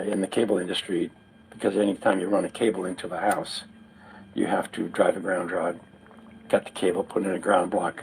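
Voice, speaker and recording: Guy with a lowish voice explaining stuff step by step in an interview, faint background noise. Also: a little mellow, poor audio. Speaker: interview guest.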